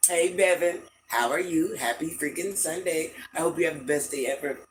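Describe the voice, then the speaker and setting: A woman's voice: sits low, normal speed, slight background noise, rough recording. An older woman hosting a casual livestream from home, chatting with viewers and greeting them with pet names. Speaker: livestream host.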